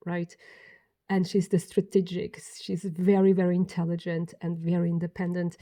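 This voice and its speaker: A woman giving a pick-a-card tarot reading, speaking warmly and directly to the viewer. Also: on the low side. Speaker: tarot reader.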